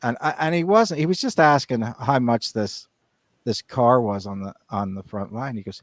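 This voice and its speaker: A man's voice: mid-range voice, lively intonation, normal speed, no echo. A man co-hosting a podcast in casual chat, rambling with many restarts and fillers. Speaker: podcast co-host.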